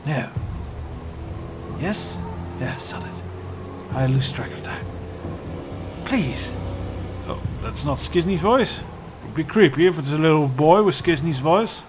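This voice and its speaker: A man's voice: fairly high pitch, expressive, slow, pauses often, music in the background. A man casually chatting and joking as he narrates his video game playthrough. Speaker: let's-play host.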